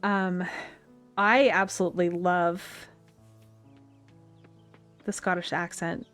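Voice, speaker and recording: A woman's voice: on the low side, flat delivery, slow pace, a bit bright. Woman streamer, Western US twang, rambling and chatty, faint music behind. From United States. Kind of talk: casual chat while playing a game. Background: faint game music.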